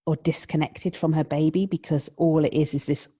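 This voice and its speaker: A woman working as a lactation consultant, talking on a podcast in a heartfelt, emotional way and sometimes dropping to a soft whisper. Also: low-pitched, steady tone, normal speed, husky. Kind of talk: podcast conversation.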